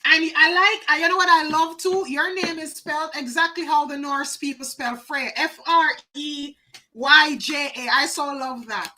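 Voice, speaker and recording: Woman, oracle card reader, high-pitched, bright tone, chatty, repeats herself for emphasis. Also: fairly even intonation, normal speed, rough recording. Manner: chatty, addresses viewers by name. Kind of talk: live oracle card reading.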